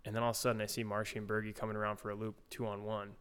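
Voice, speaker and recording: A man's voice: on the low side, completely flat delivery, very fast, fairly bright tone, smooth. A young man, a pro hockey player, casually telling a story in an interview, laid back with lots of fillers. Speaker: guest, pro hockey goalie.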